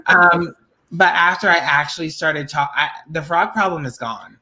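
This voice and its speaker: Bright-voiced woman telling animated stories. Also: low-pitched, normal speed. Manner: animated storytelling, swearing. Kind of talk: casual chat.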